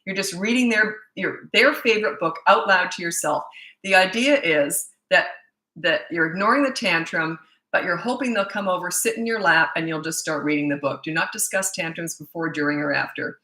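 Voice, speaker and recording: A woman's voice: on the low side, normal speed, pushed and bright, reverberant, poor audio. A middle-aged woman parenting coach answering viewer questions in a blunt, emphatic way, often restarting her sentences.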